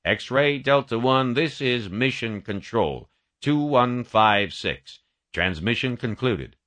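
A man voicing a formal male mission control officer reading out an official transmission in a measured way. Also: medium pitch, expressive, a bit bright, voice pushed up.

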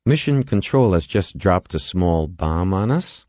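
A man voicing a calm, understated male astronaut who is quietly worried. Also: low voice, fairly quick, dry recording. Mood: wary.

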